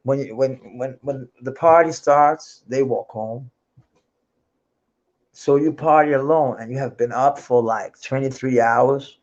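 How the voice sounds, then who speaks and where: In a medium-pitched, darkish voice that moves a little slowly, a man from Denmark talks about his music life in Danish-accented English, and the sound is lo-fi. The unplanned livestream is loose and rambling, with plenty of swearing, laughter, and restarts.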